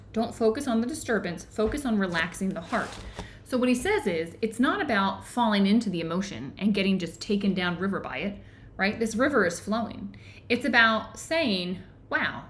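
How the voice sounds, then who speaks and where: A woman hosting an online book club, explaining ideas earnestly and often pausing to check in with her listeners. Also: mid-range voice, a little hiss or hum. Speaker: book club host and teacher. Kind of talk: live online book discussion.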